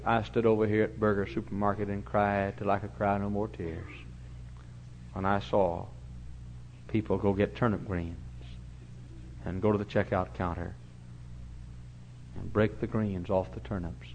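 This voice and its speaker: An older man preaching a sermon in a church, telling stories and swinging from booming shouts to low, quiet asides. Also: level tone, a little slow, pauses often, slight background noise. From Texas. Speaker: pastor. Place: church sanctuary. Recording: dull lo-fi recording.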